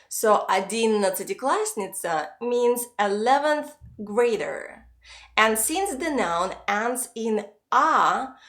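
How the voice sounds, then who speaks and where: A woman teaching pronunciation, explaining each sound slowly and carefully. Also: fairly high pitch. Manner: slow, careful, clearly spelling out sounds. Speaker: Russian language teacher. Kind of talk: pronunciation lesson.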